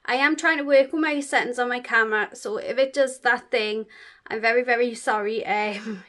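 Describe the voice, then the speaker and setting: A woman's voice: a little high, moderate pace, fairly bright tone. A woman beauty vlogger chatting casually through a product unboxing, gushing, with many fillers.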